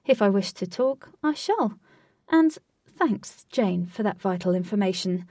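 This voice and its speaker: A woman voicing a playful, sharp young woman in a strange new place, with a husky, gravelly voice. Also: mid-range voice, lively intonation, unhurried, dry recording, studio quality, far from the mic. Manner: upbeat, teasing, bright.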